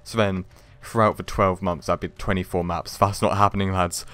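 A man's voice: low voice, steady tone, normal speed, a bit bright. A young man hosting a casual gaming commentary video, chatty and rambling, talking straight to his viewers.

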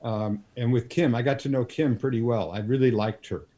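An older man in his sixties speaks as an interview guest. His voice is mellow and relaxed as he spins long anecdotes at an easy pace, with many ums and you-knows along the way. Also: medium pitch. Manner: unhurried anecdotal telling with frequent fillers. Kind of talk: storytelling in a casual interview.

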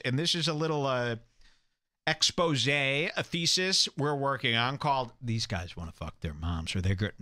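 A man's voice: fairly high pitch, bright, forceful tone, no echo, clean studio sound. A man hosting a comedic talk show, ranting in a crude, mocking, gossipy manner. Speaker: radio show host.

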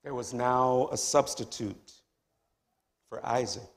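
A man preaching a sermon as pastor of a church, dropping to hushed tones and then rising to loud, high exclamations. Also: slow pace. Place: church sanctuary.

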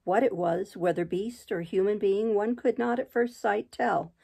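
A woman reads a classic novel aloud in a plain, homespun way. Her voice has a noticeable creak and fry running through it. Now and then she trips over a phrase and starts it again. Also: medium pitch, fairly even intonation, normal speed, mellow. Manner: unpolished reading with occasional restarts. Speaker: audiobook reader.

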